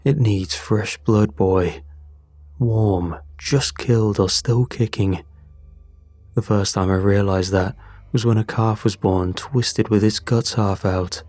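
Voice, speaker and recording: A man voicing a dying old farmer father, hoarse and rasping, confessing weakly in a scripted horror story. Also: on the low side, fairly even intonation, darkish tone, no room sound, soft background music. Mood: grim. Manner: weak, halting confession.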